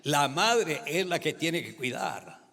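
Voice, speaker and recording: A man's voice: on the high side, expressive, a little slow, creaky, sharp tone. A man with a Colombian Spanish accent, preaching a sermon at a convention and telling a story in short phrases for his interpreter. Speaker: pastor. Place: large convention hall. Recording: long hall reverb.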